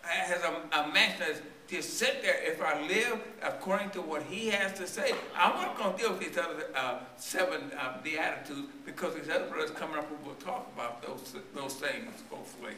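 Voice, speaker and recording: Male preacher, voice worn and straining, bright and forceful tone, tells a story in his sermon, church echo, mic far off. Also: a little high, normal speed, few pauses, slight background noise. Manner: storytelling sermon with call-and-response questions to the congregation. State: voice strained and tiring. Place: church sanctuary. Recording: echoey church recorded from a distance.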